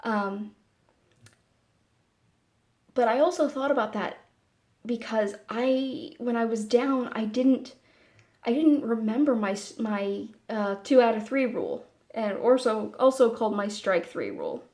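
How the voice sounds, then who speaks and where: A woman talking casually to camera in a personal vlog, meandering and halting, with many fillers and restarts. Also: on the high side, expressive. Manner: soft and candid. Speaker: vlogger.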